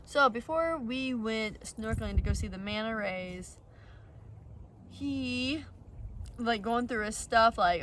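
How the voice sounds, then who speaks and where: A woman's voice: fairly high pitch, slow, fairly bright tone, far from the mic, a little hiss or hum, poor audio. A young woman vlogger telling a personal story in a rambling, blunt way, full of fillers and the odd swear. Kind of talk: casual storytelling.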